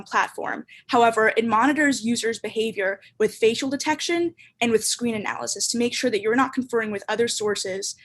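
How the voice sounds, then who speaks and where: Young woman giving a startup pitch. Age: young adult. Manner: clear, steady, rehearsed delivery. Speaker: startup founder presenting a pitch. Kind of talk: prepared pitch presentation. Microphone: video call.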